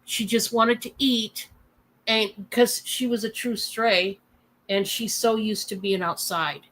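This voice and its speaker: Slow-talking bright-voiced woman host. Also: fairly high pitch, fairly even intonation, rough recording. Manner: rambling, heartfelt, with many fillers and restarts. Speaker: channel host. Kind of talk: casual livestream storytelling. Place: at home.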